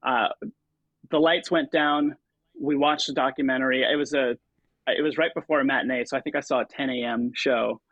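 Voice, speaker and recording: A man's voice: medium pitch, fairly quick, no room sound, highs cut off. A man in his thirties, a stage and TV performer, telling stories as an interview guest with many fillers and restarts. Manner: hesitant, lots of fillers and restarts, animated when quoting himself. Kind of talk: relaxed conversational storytelling.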